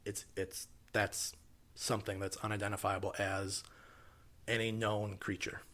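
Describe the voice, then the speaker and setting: A man's voice: fairly low pitch, a little slow. A man from Wisconsin co-hosting a podcast, chatting casually in a loose, rambling way with lots of fillers. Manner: relaxed, rambling with many fillers. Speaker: podcast co-host.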